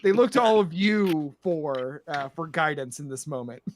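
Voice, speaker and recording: A man's voice: fairly high pitch, lively intonation, moderate pace, slight background noise. A man narrating a tabletop game as game master, loose and full of fillers.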